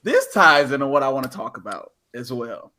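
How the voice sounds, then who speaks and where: A man's voice: mid-range voice, normal speed. A man co-hosting a podcast, chatting casually and acting out the people in his story. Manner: animated storyteller, acts out quoted voices. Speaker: podcast co-host. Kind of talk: casual chat.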